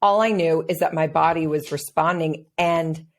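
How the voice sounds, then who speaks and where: A podcast host, a woman and a mother, telling her own stories earnestly and at length. Her voice is somewhat low for a woman and her tone stays conversational and open. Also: fairly even intonation, normal speed. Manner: earnest, personal storytelling. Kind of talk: casual interview talk.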